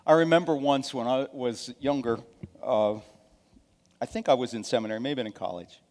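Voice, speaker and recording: A male pastor preaching a sermon in a conversational way. He often checks in with the congregation and swings from loud emphasis down to soft, near-whispered asides. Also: mid-range voice, normal speed. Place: church sanctuary. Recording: long hall reverb.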